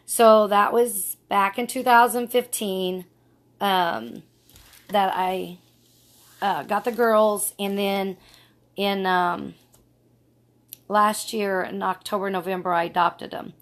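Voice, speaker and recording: A woman's voice: mid-range voice, steady tone, slow pace, pauses often. A middle-aged woman vlogging casually, telling a personal story in an earnest, rambling way.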